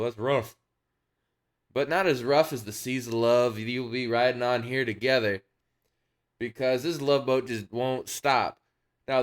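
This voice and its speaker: A man hosting a wargaming channel, talking casually and playfully, with jokey announcer-style moments mixed into relaxed commentary. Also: medium pitch, smooth.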